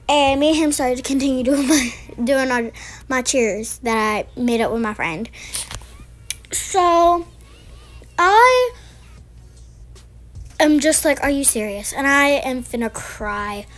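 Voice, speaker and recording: A high-pitched woman with a drawl chats through a casual storytime vlog. She rambles and circles back, restarting her sentences as she goes. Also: fairly bright tone, poor audio. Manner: rambling, chatty, with many restarts and fillers. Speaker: vlogger.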